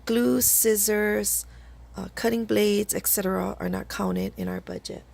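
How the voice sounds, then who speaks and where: A woman hosting a casual craft video from home, talking through her projects in a chatty, slightly halting way while hoarse from a cold. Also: medium pitch, fairly even intonation, darkish tone. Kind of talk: casual craft tutorial chat.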